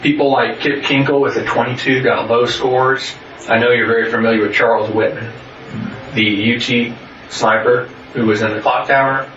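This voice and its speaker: A man recounting events in a flat, halting voice with many pauses. He sounds far from the mic, with echo around him. The recording is muffled and faintly noisy. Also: mid-range voice. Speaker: interviewee. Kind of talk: recorded interrogation statement. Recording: muffled, roomy, distant recording.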